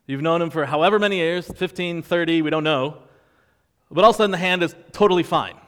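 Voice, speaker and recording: A man's voice: on the high side, fast talker, fairly bright tone, clean tone, big-room sound. A man preaching a sermon in a conversational, wry way, walking through a passage. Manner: conversational, wry, acts out quoted voices. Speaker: pastor.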